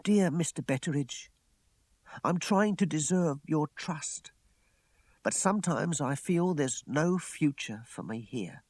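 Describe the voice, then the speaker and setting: A man puts on a troubled young servant woman for a storybook reading, lifting his husky voice higher and speaking soft and drawn out. The take is dry and close, with lively rises and falls. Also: takes it slowly, dry recording. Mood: sorrowful. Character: sad troubled young female servant, quiet. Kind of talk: audiobook character voice.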